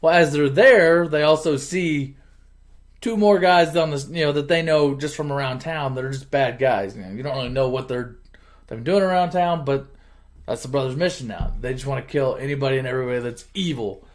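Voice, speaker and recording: A man hosting his channel, casually retelling a movie plot in an animated, chuckling, conversational way. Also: medium pitch, brisk. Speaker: channel host.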